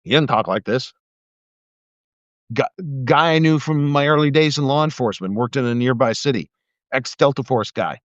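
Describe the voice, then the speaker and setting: A man's voice: mid-range voice, normal speed, long pauses, no echo. A middle-aged man delivering an angry, profane, sarcastic political rant on a live video. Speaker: live video streamer, former military investigator. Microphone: phone or webcam mic. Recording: dry, slightly muffled live stream audio.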